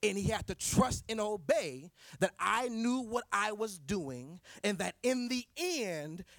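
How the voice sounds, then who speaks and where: Guy preaching, kinda high voice for a man, punchy repeated questions, dry close sound. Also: animated, takes it slowly, fairly bright tone, no room sound. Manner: emphatic, repeats rhetorical questions. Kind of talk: sermon.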